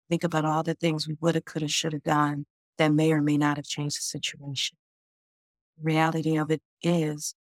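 A woman's voice: low-pitched, no room sound, clean studio sound. A woman doctor on a podcast explains grief in a conversational way. She often says "like" and voices people's inner questions.

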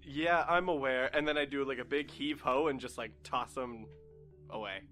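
Bright-voiced blunt man at a tabletop game. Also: mid-range voice, moderate pace, faint music behind. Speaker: player. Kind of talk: casual tabletop role-play.

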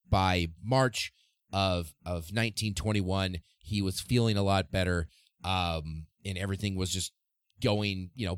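A podcast host telling history casually and irreverently, swearing freely. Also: male voice, sits low, no echo, clean studio sound.

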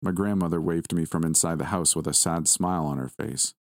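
A man narrating a first-person horror story in a measured, steady reading. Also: sits low, dry recording.

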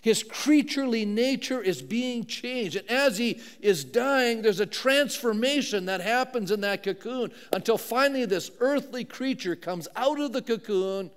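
A man's voice: extremely high pitch, expressive, unhurried, few pauses. A middle-aged man preaching a sermon as pastor, telling a personal story in a conversational way with many asides, recorded in a church sanctuary. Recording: long hall reverb.

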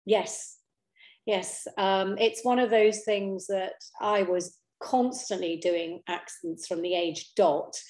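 A middle-aged woman talking as an interview guest, chatty and expressive, often restarting her sentences with fillers. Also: medium pitch, slow. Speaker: interview guest, impressionist and actor. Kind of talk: casual conversational interview. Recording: roomy echo.

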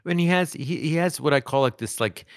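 A man co-hosting a podcast, chatting casually in an animated, rambling way with frequent restarts. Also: on the high side, brisk, dry recording, studio quality. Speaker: podcast co-host. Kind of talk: casual chat.

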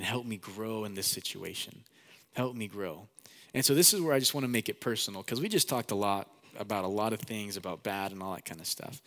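A man's voice: fairly low pitch, a bit bright, long reverb tail. A young man preaching a sermon as pastor, earnest and conversational, with many casual fillers.

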